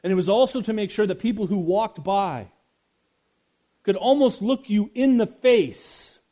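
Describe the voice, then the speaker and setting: A man preaching a sermon, swinging from loud emphasis to hushed quiet and speaking straight to his listeners. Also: high voice, lively intonation, measured pace. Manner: addresses listeners directly.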